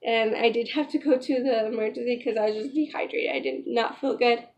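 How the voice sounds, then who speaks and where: A woman's voice: fairly high pitch, steady tone, a little fast, a little mellow, highs cut off. A young pregnant woman chatting in a casual vlog, retelling a story emotionally with lots of "like" and "you know". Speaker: vlogger.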